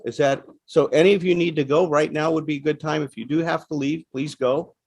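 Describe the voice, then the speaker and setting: A man's voice: on the high side, fairly even intonation, brisk, darkish tone, breathy edge, dry recording. Emphatic man lecturing, dry sound. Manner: conversational, checks in with frequent "right?" tags; plain-spoken and emphatic. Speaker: guest speaker on addiction recovery. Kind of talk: lecture to a live audience. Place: talk in front of a seated audience.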